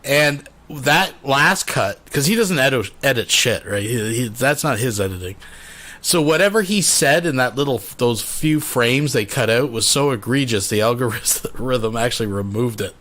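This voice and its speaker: A man hosting a livestream, giving relaxed, chatty commentary that explains what the viewers just saw. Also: medium pitch, moderate pace. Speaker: stream host reacting to clips. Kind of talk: casual reaction commentary.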